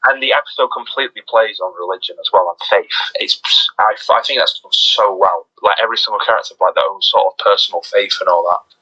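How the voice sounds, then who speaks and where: A man co-hosting a podcast in casual chat, talking excitedly with lots of restarts. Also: fairly low pitch, fast talker, husky, lo-fi sound. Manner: excited, rambling with many restarts. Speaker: podcast co-host.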